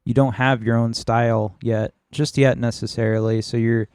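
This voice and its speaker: A man's voice: mid-range voice, level tone, normal speed, a little mellow, smooth, no echo, clean studio sound. A man co-hosting a horror film podcast, opinionated and wry, swearing casually as he talks. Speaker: podcast co-host. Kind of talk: casual chat.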